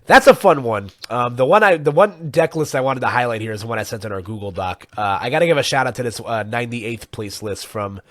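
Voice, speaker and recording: Rambling podcast host, dry close sound. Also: male voice, medium pitch, fast, hardly any pauses, a bit bright, dry recording. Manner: rambling, full of fillers, chuckles often. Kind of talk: casual chat.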